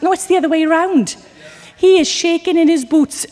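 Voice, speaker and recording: A woman from Wales preaching a sermon, telling stories with lively acted asides. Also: very high-pitched, a little fast, in a large hall. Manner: animated storytelling with acted asides.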